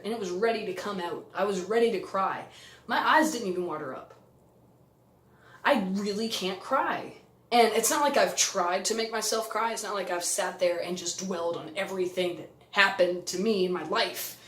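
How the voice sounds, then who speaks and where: A young adult man talking candidly in a personal vlog, reflective and halting, with frequent restarts. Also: sits high, fairly bright tone. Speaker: vlogger. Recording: echoey room.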